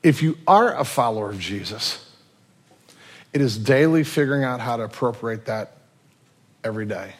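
A male pastor preaching a sermon, telling stories with lively swings between loud and quiet passages. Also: medium pitch, moderate pace, long pauses, slightly rough.

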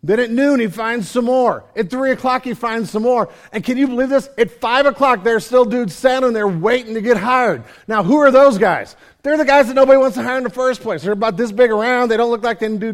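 A man preaching a sermon, telling a parable with animated storytelling and acting out the characters. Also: very high-pitched, fairly quick. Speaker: pastor.

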